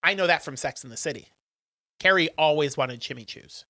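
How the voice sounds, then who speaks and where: Podcast co-host, male, bright chatty storyteller, dry close mic. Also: on the high side, fairly quick, no echo. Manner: chatty storyteller, acts out quotes in funny voices. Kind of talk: casual chat recapping a film.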